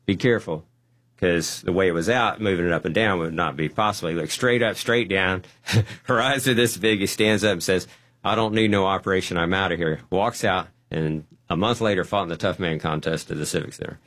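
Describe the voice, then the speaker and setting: A man telling a personal testimony story, animated and acting out the quotes. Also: low voice, brisk. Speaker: guest.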